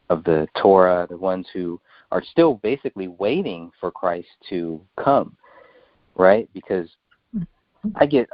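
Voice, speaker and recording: A man hosting a casual conversation, halting and repeating words as he thinks aloud. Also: deep voice, no room sound. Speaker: host. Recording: dry, dull lo-fi audio.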